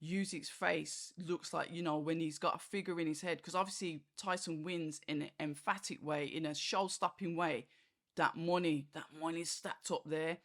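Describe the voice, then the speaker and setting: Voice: medium pitch, fairly even intonation, normal speed, a bit bright. Chatty boxing vlogger. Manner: chatty and rambling, fillers like "like" and "you know", acts out quoted reactions. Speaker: boxing channel host. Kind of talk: casual fight review monologue.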